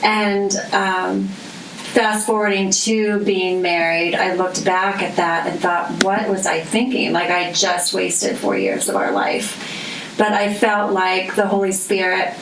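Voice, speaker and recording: A woman's voice: mid-range voice, slow pace, creaky, a bit bright. A woman guest thoughtfully reflecting on her story in an interview. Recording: echoey, distant, faint noise.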